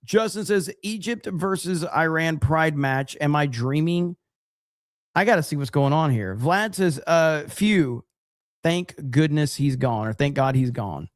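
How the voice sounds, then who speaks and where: A man's voice: a little high, lively intonation, a little slow, no echo, studio quality. A man hosting a casual livestream, reading viewer messages aloud and reacting with jokey exasperation. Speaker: livestream host reading super chats.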